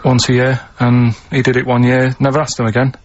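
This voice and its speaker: A man's voice: medium pitch, monotone, fairly quick. A man who is a regular on a radio show, telling stories in a matter-of-fact way. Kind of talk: casual radio banter. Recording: dull lo-fi radio studio.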